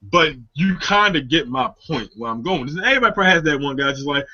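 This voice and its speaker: High bright-voiced guy ranting and cussing on a podcast, lots of swings in his voice, muffled lo-fi audio. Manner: animated, swearing, mimics others in quick asides. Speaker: podcast co-host. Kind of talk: profane comic rant. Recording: dull lo-fi audio.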